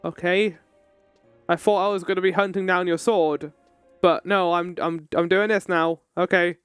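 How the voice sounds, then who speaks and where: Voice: medium pitch, steady tone, normal speed, clear, resonant tone, dry recording, soft background music. A streamer giving casual live-stream commentary while playing a game, with playful, bewildered, jokey asides to chat.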